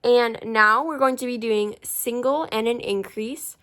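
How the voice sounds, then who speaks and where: A young woman hosting a home crafting tutorial. She talks through each step casually and apologizes often, and her voice is a little rough. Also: fairly high pitch, measured pace, fairly bright tone. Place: indoors at home, warm room.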